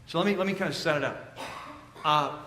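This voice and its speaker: Animated man preaching in an echoey church. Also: a little high, brisk, slight background noise. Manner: conversational, animated storytelling with sudden drops to hushed emphasis. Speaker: pastor. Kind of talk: sermon. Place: church auditorium.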